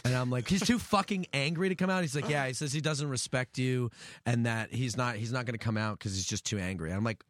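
Male guest, mid-pitched, loose and profane storyteller, dry close sound. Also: fairly even intonation, fast, dry recording. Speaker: podcast guest. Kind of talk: casual storytelling.

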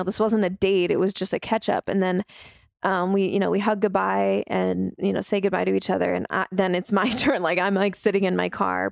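A woman with a mid-range voice and a gravelly edge shares a personal story. She speaks openly and from the heart, with casual fillers throughout. The recording is dry and close. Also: mid-range voice, no echo. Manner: heartfelt, open, with fillers like "like" and "you know".

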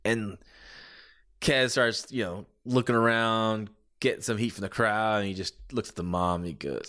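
A man's voice: fairly low pitch, normal speed, sharp tone. A man hosting a podcast, giving a casual rambling review full of filler phrases and restarts. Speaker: podcast host.

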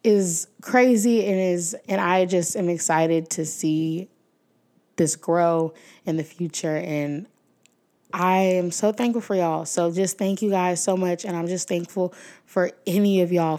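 A young woman hosting her own podcast, talking casually and emotionally to her listeners, with many fillers and frequent thanks. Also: fairly low pitch. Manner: warm-hearted, emotional, many fillers, talks to listeners as y'all. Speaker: podcast host. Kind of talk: casual heartfelt podcast outro.

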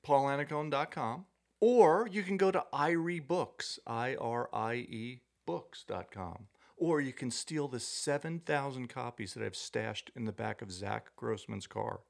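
A middle-aged man with a gravelly, creaky voice settles into a relaxed guest chat on a podcast. He rambles through stories in an easy, self-deprecating way. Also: medium pitch, unhurried. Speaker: podcast guest, former tennis coach. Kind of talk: casual storytelling chat.

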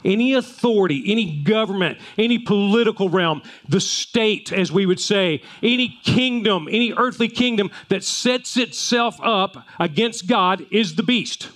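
Man, pastor, high voice, folksy sermon, restarts often. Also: animated, a little slow, hardly any pauses, a bit bright. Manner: folksy storytelling with repeated restarts.

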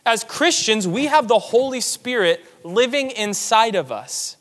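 High-voiced man preaching in a reverberant hall. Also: animated, measured pace, fairly bright tone. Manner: earnest, emphatic, repeats key phrases. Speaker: pastor. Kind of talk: sermon.

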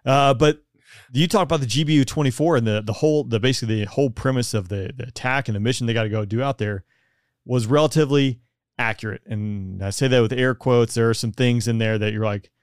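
Easygoing man with a smooth voice. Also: medium pitch, fast talker, dry recording, studio quality. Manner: chatty, easygoing, laughs often. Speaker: podcast host. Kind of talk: casual podcast conversation.

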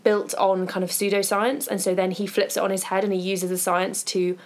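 A woman's voice: mid-range voice, flat delivery, a little fast. A woman co-hosting a podcast, chatting casually and recommending books and podcasts in a conversational, thinking-aloud way. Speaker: podcast co-host.

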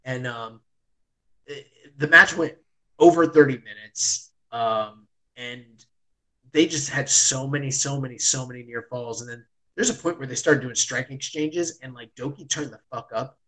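A man in casual chat, retelling a match as an excitable storyteller who fills his talk with "like" and swears freely. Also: mid-range voice, moderate pace, low-quality recording. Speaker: podcast host reviewing wrestling.

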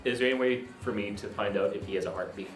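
Casual low-voiced player man. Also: fast, roomy sound, soft background music. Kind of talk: tabletop game play.

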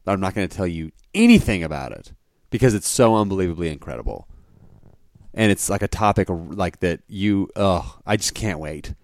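A man in his thirties, a podcast co-host chatting casually and telling an animated story, often laughing. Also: low-pitched, a little fast, dry recording, clean studio sound. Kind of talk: casual chat.

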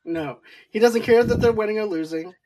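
Male podcast co-host, slightly high pitch, chatty and rambling, acts out quotes. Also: a little fast, mellow. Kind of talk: casual movie discussion.

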